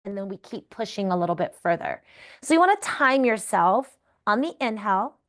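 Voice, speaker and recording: A woman yoga therapy instructor guiding breathing exercises in a calm, encouraging way, often checking in with the listener. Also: medium pitch, normal speed.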